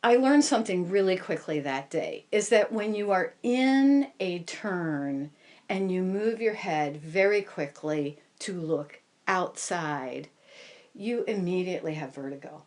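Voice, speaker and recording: A woman recounting a personal misadventure to an audience, self-deprecating and animated. Her delivery is slow and leisurely, with a widely swinging, expressive pitch. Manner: animated, self-deprecating, laughing through the telling. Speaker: storyteller. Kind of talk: first-person live storytelling.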